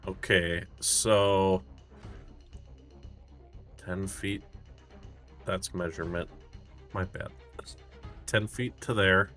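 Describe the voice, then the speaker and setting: A man's voice: deep voice, fairly even intonation, extremely slow, pauses often, bright, forceful tone, faint music behind. A man playing a tabletop game, asking about the rules and thinking his moves through aloud. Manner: asks questions, thinks aloud. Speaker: player.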